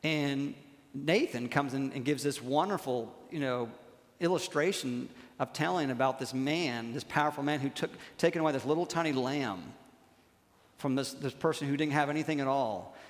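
A man preaching a sermon as a pastor in a church, talking conversationally and checking in with "okay?" and slowing down to hammer key lines. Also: medium pitch. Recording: long reverb of a church hall.

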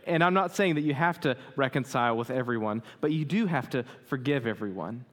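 A man's voice: medium pitch, lively intonation, fairly quick. A man in his thirties, a pastor preaching a sermon in a conversational way, often asking the congregation questions. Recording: hall reverb.

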